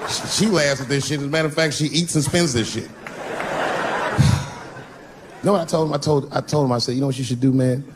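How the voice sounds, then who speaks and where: A man's voice: on the high side, fairly quick, pauses often. A man in his fifties from Washington, D.C., telling profane stand-up stories with a conversational delivery. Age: 50s. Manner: profane, conversational, swings between voices. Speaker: stand-up comedian. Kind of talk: stand-up storytelling. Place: live comedy stage before an audience. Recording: noisy live venue recording.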